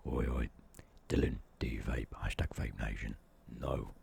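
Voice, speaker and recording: A man putting on a comically deep, droning voice, joking mock-seriously. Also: normal speed, vocal fry, a little mellow, slight background noise, heavily acted. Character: man's own voice pushed comically deep.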